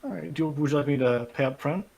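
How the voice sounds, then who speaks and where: A player in a tabletop game, speaking in a lively, playful way. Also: medium pitch, quick pace, creaky. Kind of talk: tabletop role-play.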